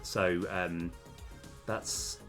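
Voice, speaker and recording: A man's voice: low voice, fairly even intonation, very slow, a bit bright, faint music behind. A young man streaming game development, chatting casually and hesitantly with many fillers and restarts, his voice slightly worn. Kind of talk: casual live coding chat.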